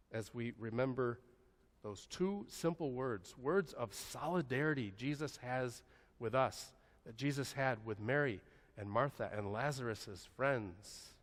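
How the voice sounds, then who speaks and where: Soft-spoken pastor in an echoey church. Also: male voice, medium pitch. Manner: slow, soft-spoken, with long pauses and dropping to a hushed voice. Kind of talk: sermon. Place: church sanctuary.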